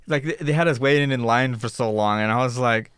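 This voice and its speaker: A man's voice: medium pitch, brisk, fairly bright tone, clear, resonant tone, no echo, clean studio sound. A laid-back young man in a casual podcast chat, chiming in with quips and short memories.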